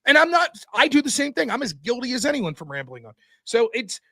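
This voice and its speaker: A man talking as a podcast guest in casual chat, animated and profane, acting out quoted back-and-forths from debates. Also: very high-pitched, brisk. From outside the United States. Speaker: podcast guest taking over the show.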